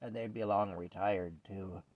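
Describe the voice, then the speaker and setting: An older Canadian man tells a rambling story at home in a casual storytelling vlog, chuckling and breaking off often, with a cat nearby. His low-ish voice is steady and unhurried with no echo, recorded on a dry, dull lo-fi mic.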